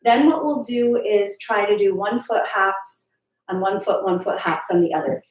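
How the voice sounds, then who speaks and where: A woman's voice: medium pitch, normal speed, a little hiss or hum. A woman teaching a ballet class, chatty and encouraging as she calls out steps and counts while she demonstrates, a little out of breath. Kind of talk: live online dance class instruction. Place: dance studio, large room. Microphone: far camera mic. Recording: echoey room, far from the mic. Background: piano class music playing.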